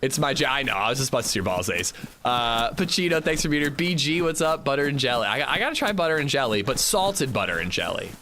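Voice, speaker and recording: A young man chatting casually on a gaming livestream, rambling and animated as he reads chat while playing. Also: mid-range voice, fast, slight background noise.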